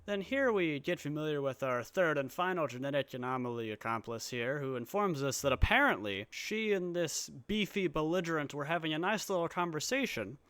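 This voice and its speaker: A man narrating a funny commentary video in a slightly high voice. He is sarcastic and throws in mock-grand, theatrical asides. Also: expressive, fairly quick, few pauses, fairly bright tone, clear, resonant tone, dry recording. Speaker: commentary YouTuber. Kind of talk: comedic voice-over commentary.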